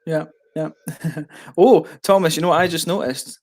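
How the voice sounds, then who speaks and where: Host, male, slightly high voice, relaxed chatty banter over a video call, laughs a lot. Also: normal speed. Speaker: beer reviewer host. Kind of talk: casual chat on a video call.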